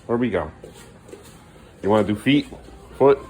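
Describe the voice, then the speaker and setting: A man's voice: on the low side, animated, measured pace, a little mellow, a little hiss or hum. A man filming a casual home vlog, coaxing his small son along and chatting to the camera at home at night. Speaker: father filming his family.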